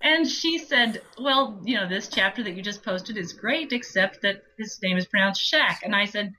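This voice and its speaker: A woman audiobook narrator talking casually as an interview guest, telling animated stories with laughs. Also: mid-range voice, normal speed, slight background noise, low-quality recording. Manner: chatty, animated storytelling with laughs.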